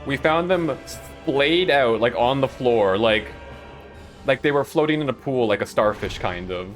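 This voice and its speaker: Faint music plays as a man with a mid-range, lively voice takes his time telling school stories during a game stream. He rambles casually, laughs often and leans heavily on "like".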